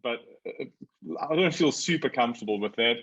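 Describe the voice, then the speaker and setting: A man in his forties telling a story as a guest in a casual conversation, lively when he quotes others. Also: mid-range voice, fairly quick, highs cut off.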